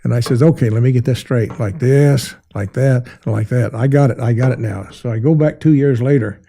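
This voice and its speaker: A man's voice: mid-range voice, fairly quick, creaky, dark tone. An older American man, a guest artist, telling rambling folksy stories in an interview. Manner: folksy rambling yarn-spinner with many restarts. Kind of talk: storytelling in an interview.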